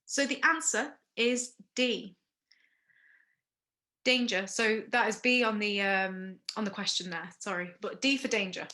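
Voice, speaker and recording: Bright-voiced woman teaching first aid. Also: medium pitch. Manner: explains step by step, pauses for questions, frequent okays. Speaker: first aid workshop instructor. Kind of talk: recorded classroom lesson.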